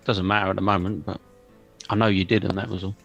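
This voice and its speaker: A man's voice: low-pitched, flat delivery, fast, vocal fry, a bit bright, highs cut off, faint music behind. A man playing in a tabletop game, chatting casually and asking questions in a hesitant way. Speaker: player.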